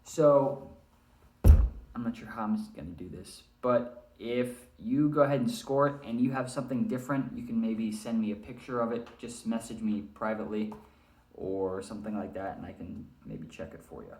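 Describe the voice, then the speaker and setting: A man's voice: fairly low pitch, normal speed, a little mellow. A male teacher giving a recorded language arts lesson, explaining step by step and often checking in with "all right?". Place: room with a whiteboard. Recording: echoey room.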